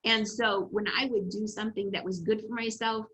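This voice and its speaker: A woman development coach giving an upbeat, animated presentation on a video call, telling stories to her class. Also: mid-range voice, moderate pace, rough recording.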